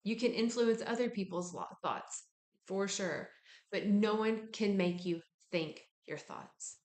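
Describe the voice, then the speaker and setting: A woman giving a casual self-help talk, relaxed and frank, with casual swearing. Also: mid-range voice, measured pace, echoey room. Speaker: wellness speaker.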